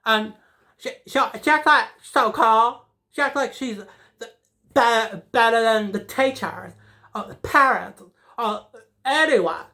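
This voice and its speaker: Woman playing a dramatic teen schoolgirl, rambly, filler-heavy, slow deliberate delivery, forceful bright tone. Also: on the high side. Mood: indignant. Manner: rambling, peppered with "like", emotional. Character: sassy, dramatic teenage schoolgirl. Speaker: comedic character. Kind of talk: comedic character monologue.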